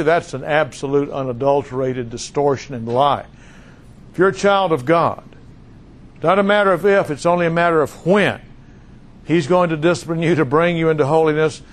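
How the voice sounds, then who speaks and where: An older man preaching and teaching a congregation, folksy and emphatic, calling out questions to the room. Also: a little high. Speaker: pastor and teacher. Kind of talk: sermon teaching.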